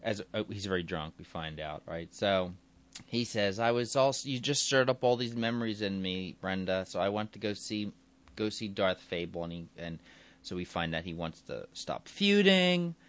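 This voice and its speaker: A man's voice: sits low, lively intonation, normal speed, fairly bright tone. A man casually retelling a story, rambling and correcting himself as he goes. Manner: rambling, self-correcting, chuckling.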